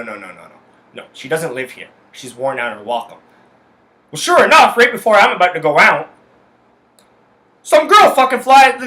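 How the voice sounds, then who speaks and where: Bright-voiced man ranting angrily. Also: high voice. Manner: heated, swears constantly, repeats himself. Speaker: podcast host. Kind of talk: angry personal rant. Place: his home.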